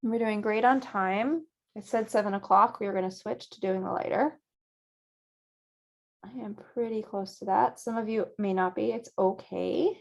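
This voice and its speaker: A woman teaching a virtual painting class, guiding students gently step by step at a close mic. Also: mid-range voice, normal speed, gravelly. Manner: gentle, encouraging step-by-step guidance. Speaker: painting instructor.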